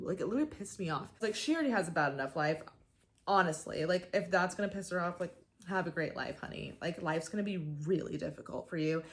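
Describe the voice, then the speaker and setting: Chatty young woman ranting, lowish voice. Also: lively intonation, fast talker. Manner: exasperated, chatty storytelling with many fillers. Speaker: host. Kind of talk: casual comedic rant to camera.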